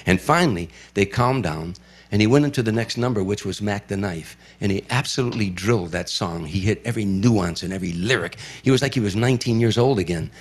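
A man's voice: fairly low pitch, fairly quick. An older man from Chicago, an entertainer, telling a vivid story in an interview and acting out the voices of the people in it. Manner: vivid storyteller who acts out quoted voices.

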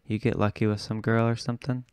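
A man's voice: fairly low pitch, flat delivery, quick pace, darkish tone, clean tone, no room sound, clean studio sound, close to an everyday voice. A man reading the lines of a teasing woman at a bar.

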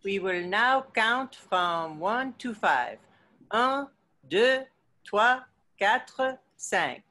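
A woman's voice: medium pitch, animated, extremely slow, bright, forceful tone, heavily acted. A woman reading a stiff, formal female French teacher.

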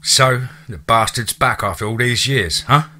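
A man voicing a huge, gruff, foul-mouthed werebear with a low, muffled voice. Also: a little slow, pushed and bright. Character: huge gruff male werebear, old brawler.

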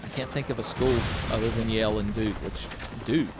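A man giving casual, profane, joking commentary over his own gameplay, rambling and breaking into loud exclamations. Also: lowish voice, fairly even intonation, a little fast, noisy background. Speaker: let's play commentator. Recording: game music behind the voice.

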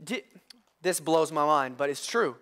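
A male pastor preaching a sermon, excitable and prone to shouting with enthusiasm. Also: fairly high pitch, unhurried. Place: church.

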